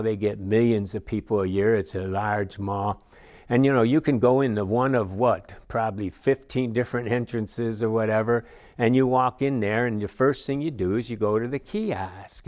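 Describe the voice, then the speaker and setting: A middle-aged man with a fairly low voice, teaching a recorded class. He talks in a relaxed, folksy way, with plenty of "you know" and small asides. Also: moderate pace. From Chicago area. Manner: conversational and folksy, with many asides and fillers.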